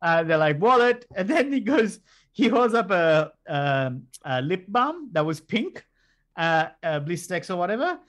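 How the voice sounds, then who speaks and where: A middle-aged man telling a story in casual chat. He is animated, swears freely and acts out what other people said. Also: high voice, a little slow. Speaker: podcast guest telling a story.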